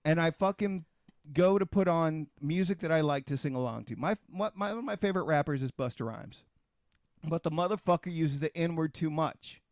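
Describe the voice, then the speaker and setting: A middle-aged man on a casual podcast, swearing constantly as he hammers his point home. His voice sits a bit high for a man, and the sound is dry and close, with no room around it. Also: expressive, moderate pace, a little mellow, no echo. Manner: heavily profane, emphatic ranting; repetitive, restarts and rhetorical questions. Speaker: podcast host.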